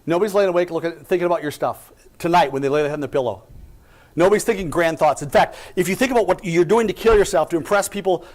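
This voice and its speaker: Speaking fast in a high voice with a darkish tone, an American company president delivers an inspirational talk. He recounts his personal story and drives it home with emphatic rhetorical questions.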